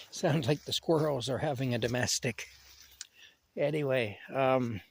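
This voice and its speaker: A man's voice: medium pitch, unhurried, breathy edge, no echo. Chatty man talking to his cat. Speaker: vlogger. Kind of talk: casual rambling monologue. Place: outdoors in a rural yard at night.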